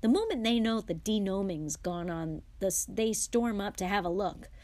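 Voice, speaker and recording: A woman's voice: medium pitch, animated, normal speed, a little mellow, close to an everyday voice. A woman voicing a cheerful teenage boy who explains things in a breezy way in a storybook reading.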